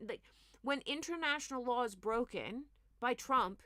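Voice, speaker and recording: A woman's voice: on the high side, measured pace, dry recording, studio quality. A woman hosting a comedy news show, ranting and joking about politics while answering viewers' comments and slipping into mocking impressions. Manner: animated, mocking, slips into mimicking voices. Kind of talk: comic news commentary with chat replies.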